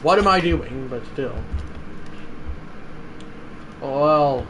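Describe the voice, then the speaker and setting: A young man streaming live gameplay commentary, swinging between loud outbursts and low muttering to his viewers. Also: lively intonation, extremely slow, over music. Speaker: livestreamer.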